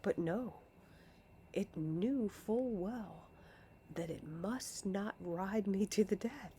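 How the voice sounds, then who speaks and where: A woman reading a storybook aloud in a deliberate way, often dropping into a hushed whisper. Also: medium pitch, slight background noise. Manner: slow, deliberate, often slipping into a hush. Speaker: narrator.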